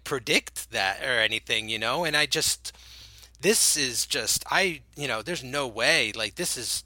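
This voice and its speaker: Emphatic man with a very bright voice. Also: mid-range voice, dry recording. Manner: emphatic, talks to listeners as folks. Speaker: podcast co-host. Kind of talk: casual film discussion.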